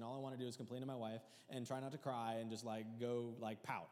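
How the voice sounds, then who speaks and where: A man preaching a sermon, earnest and openly emotional, dropping to a hush and then rising loud and high. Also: level tone, fast talker, few pauses, in a large hall. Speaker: pastor.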